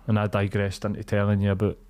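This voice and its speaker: A man's voice: on the low side, monotone, fast talker, mellow. A young Scottish man co-hosting a podcast, chipping in with short teasing remarks in casual chat. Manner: teasing, chips in with short jokes. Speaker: podcast co-host.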